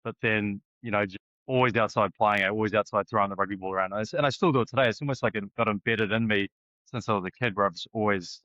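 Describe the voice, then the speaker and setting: A man's voice: on the low side, steady tone, fast talker, pushed and bright, dry recording. A man in his forties with a New Zealand accent, a rugby coach chatting easily as a podcast guest, often restarting his sentences. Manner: easygoing and chatty, with many restarts. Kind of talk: casual interview chat. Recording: dull lo-fi, dry sound.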